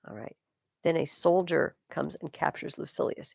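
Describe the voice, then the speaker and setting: A woman's voice: sits low, moderate pace, gravelly, dry recording, studio quality. A woman tutor reading a play aloud, stopping to explain each scene in plain casual words. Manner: switches between plain explanation and loud dramatic reading of the lines. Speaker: literature tutor.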